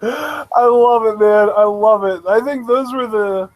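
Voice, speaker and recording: A man co-hosting a live wrestling reaction chat, excitable, rambling and laughing often. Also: sits high, unhurried, dry recording, rough recording. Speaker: co-host of a wrestling reaction show.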